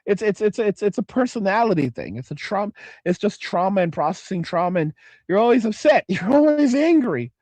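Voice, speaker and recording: Brisk and high-pitched with a sing-song lilt and darkish tone, a man in his forties runs a laid-back livestream with no echo. He goes through viewer comments, curses freely, and keeps cutting himself off to start over as he rambles.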